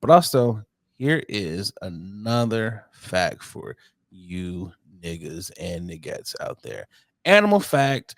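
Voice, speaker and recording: A man's voice: takes it slowly, no echo, studio quality. A man co-hosting a casual chat show, talking in a playful, loose and joking way. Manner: playful, loose and joking with lively swings in pitch. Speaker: podcast co-host.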